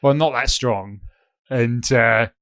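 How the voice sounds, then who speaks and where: A man's voice: medium pitch, unhurried, fairly bright tone, dry recording, studio quality. Hesitant man, podcast co-host. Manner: meandering, hesitant, many fillers. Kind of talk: casual chat.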